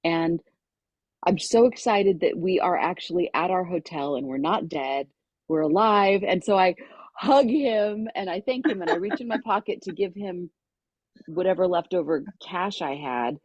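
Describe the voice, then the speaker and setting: A middle-aged woman guest on a podcast, telling a personal story with lively energy and acting out the voices of people in it. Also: on the low side, normal speed, no room sound, dull audio. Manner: lively storyteller who acts out quoted voices.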